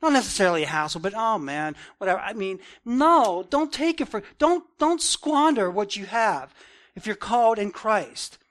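Earnest high-voiced male preacher. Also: big pitch swings, normal speed, fairly bright tone. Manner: earnest, repeats "man" and "right?", swells in emphasis. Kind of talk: expository Bible teaching.

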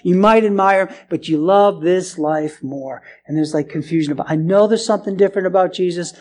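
A man with a high voice preaches to his congregation. He is animated, sinking into quiet, earnest stretches, then rising into raised, exclaiming passages. He often stumbles, restarts and repeats his words mid-thought. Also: fairly quick. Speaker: pastor. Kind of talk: expository sermon.

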